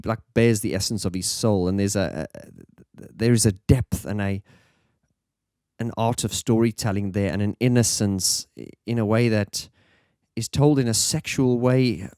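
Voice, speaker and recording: A man's voice: fairly low pitch, darkish tone, dry recording, clean studio sound. A man reviewing an album in a casual, enthusiastic, rambling monologue.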